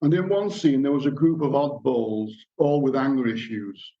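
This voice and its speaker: A man in middle age lectures to a society gathering, weaving anecdotes into his talk and reading passages aloud. His voice sits at an ordinary pitch. The recording is dull and lo-fi. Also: moderate pace. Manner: storytelling, reads passages aloud.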